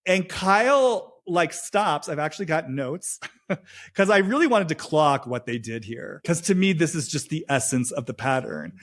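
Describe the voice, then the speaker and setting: A man co-hosting a podcast in a casual chat, talking fast and acting out quoted lines in changed voices. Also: a little high, lively intonation. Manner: swears freely, says "like" often. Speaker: podcast co-host.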